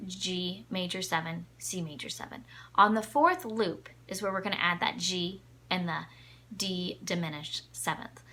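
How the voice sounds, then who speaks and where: A woman's voice: medium pitch, sharp tone, slight background noise. A woman teaching a ukulele lesson, patiently counting the beats aloud. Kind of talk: music lesson. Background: ukulele playing.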